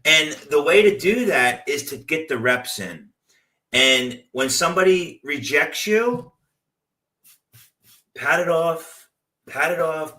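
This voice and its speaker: Bright-voiced man in an echoey room. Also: fairly high pitch. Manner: loose, animated storytelling with frequent "like". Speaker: real estate investing show host. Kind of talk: casual motivational talk with anecdotes. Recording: echoey room, distant from the mic.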